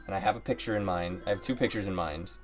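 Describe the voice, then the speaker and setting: Low-voiced ohio guy streaming, rambly and jokey, talks to himself, faint music behind. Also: quick pace. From Ohio, United States. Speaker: livestreaming artist. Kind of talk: casual live-stream chat.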